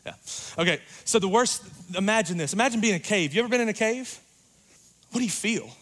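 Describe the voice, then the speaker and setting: A man preaching a sermon in a church, talking casually and joking, going loud and then quiet for emphasis. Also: high voice, expressive, fast talker. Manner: conversational, joking, rises and drops in volume for emphasis.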